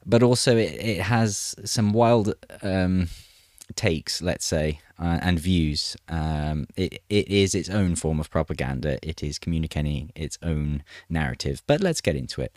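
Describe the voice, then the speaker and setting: A man's voice: sits low, measured pace, a little mellow, no echo, studio quality. A man reading a news article aloud and breaking off for chatty, wry asides to his viewers. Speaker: news commentator.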